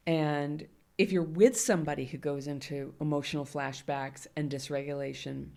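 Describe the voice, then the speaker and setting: Woman, low voice, middle-aged, interview guest, candid, laughs often. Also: fairly even intonation, moderate pace, vocal fry, a little mellow. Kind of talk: conversational interview.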